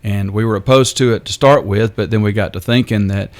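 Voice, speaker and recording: An older man, a radio guest telling his story in a halting, unhurried way. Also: lowish voice, fairly even intonation, a little mellow. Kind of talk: interview storytelling.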